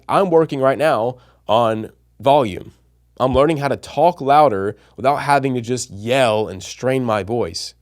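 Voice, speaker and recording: A man's voice: mid-range voice, a little mellow. A man hosting a casual educational vlog, talking straight to his viewers in an enthusiastic, nerdy, chatty way. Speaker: channel host and coach.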